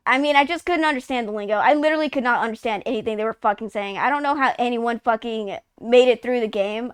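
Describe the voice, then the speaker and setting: A woman's voice: a little high, a bit bright, smooth, dry recording. A woman in her twenties from Texas, chatting casually on a live stream, rambling, swearing often and saying "like" constantly. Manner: rambling, profane, heavy use of "like".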